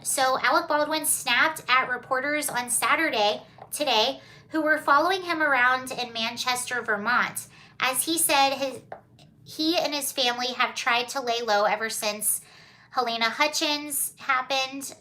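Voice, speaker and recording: This livestream host has a high, pushed, bright voice and keeps a measured pace. Chatting casually, she reads out comments from viewers and responds with giggles and apologies.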